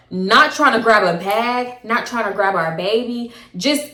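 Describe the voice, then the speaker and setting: A young woman telling a personal story to camera in a casual, slangy, animated way. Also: medium pitch, moderate pace. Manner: animated, slangy, acts out both sides of arguments. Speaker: storytime vlogger. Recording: echoey room.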